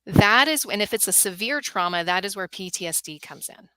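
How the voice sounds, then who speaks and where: A middle-aged woman who hosts a podcast and runs workshops for moms, speaking as a guest in an earnest, animated way. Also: mid-range voice, fairly quick. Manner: earnest, animated storytelling with acted quotes. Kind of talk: guest on a talk show.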